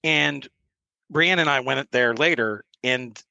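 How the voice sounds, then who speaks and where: Bright-voiced man telling stories. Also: medium pitch, slow pace, vocal fry, no room sound, muffled recording. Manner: animated storyteller who acts out the quoted lines. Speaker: podcast guest. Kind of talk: casual storytelling chat.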